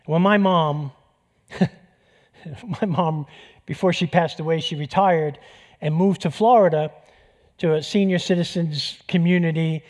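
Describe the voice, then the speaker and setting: A male pastor preaching a sermon, telling stories with lively acted-out dialogue. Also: a little high, unhurried, long pauses, big-room sound. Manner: animated storytelling, acting out dialogue.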